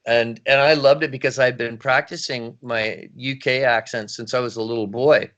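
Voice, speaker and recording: A middle-aged man, a voice actor, chatting in an interview with a rambling, animated manner. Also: medium pitch, moderate pace, highs cut off. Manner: animated, rambling, laughs often. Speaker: voice actor, guest. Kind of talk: casual interview chat.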